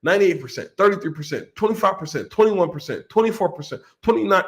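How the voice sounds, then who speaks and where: Hyped-up guy reacting to a clip, high voice, swings all over the place. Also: fast talker. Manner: animated, excitable, acts out quoted voices. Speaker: host reacting to a podcast clip. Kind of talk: casual reaction commentary.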